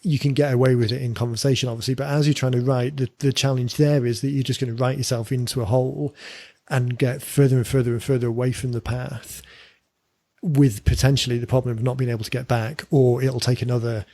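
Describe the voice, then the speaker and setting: A man's voice: mid-range voice, little pitch movement, quick pace, mellow, dry recording. Man chatting on a podcast, dry sound. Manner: thinking aloud, with fillers and repeated words. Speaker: podcast co-host. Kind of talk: casual podcast chat.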